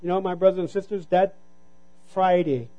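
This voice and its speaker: A man preaching a sermon, telling a personal story and calling out to the congregation, sometimes dropping to a hush for emphasis. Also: sits high, moderate pace, dull audio. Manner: storytelling, call-and-response "Amen?".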